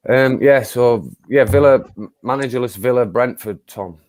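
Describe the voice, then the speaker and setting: A man's voice: medium pitch, moderate pace, darkish tone, no echo. A man hosting a casual football chat, rambling with stop-start phrasing. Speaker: host running the prediction round.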